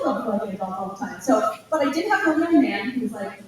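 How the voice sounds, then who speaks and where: A woman giving an informal college admissions talk, telling chatty, animated stories with lots of asides. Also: on the high side, fast talker. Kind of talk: informal presentation to parents and students. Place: school auditorium. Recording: echoey hall from far off, faint noise.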